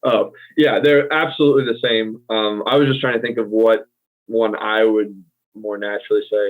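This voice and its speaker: A relaxed American man chatting on a casual language podcast, his voice sitting fairly low and coming through a thin, phone-like line. He explains things loosely, with plenty of "um" and "like" and quick laughs. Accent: General American. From United States. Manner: laid-back, explains with many fillers and easy laughs. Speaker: co-host. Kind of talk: casual conversational language chat.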